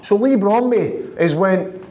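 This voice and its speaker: A chuckling man from Glasgow, Scotland, a professional footballer, tells stories as an interview guest, sitting in an office high in a city tower. He is lively, and he acts out other people's lines in quick quoted voices.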